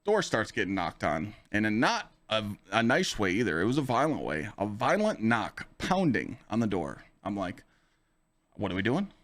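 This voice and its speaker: At normal speed and in a lowish voice, this male podcast host and streamer relates a story with animation. He swears casually and leans heavily on "you know" fillers.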